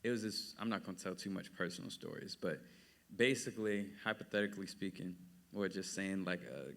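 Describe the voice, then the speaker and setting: A man with a low voice and a bright, forceful edge, talking loosely in a casual podcast discussion. He wanders through his thoughts before getting to the point. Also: fairly quick, gravelly.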